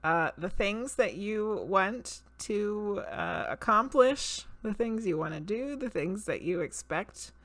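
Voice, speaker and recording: Slow-talking woman streamer doing readings. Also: mid-range voice, expressive, a bit bright, no echo. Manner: laughs often, greets chat by name. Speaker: psychic medium and tarot reader streamer. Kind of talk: casual live-stream chat and card reading.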